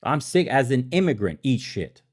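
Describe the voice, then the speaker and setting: With big swings in his medium-pitched voice and a moderate pace, a male podcast host rants in the Balkans. He immigrated to America, and his commentary is loaded with swearing and heated outbursts, plus the odd laugh at himself.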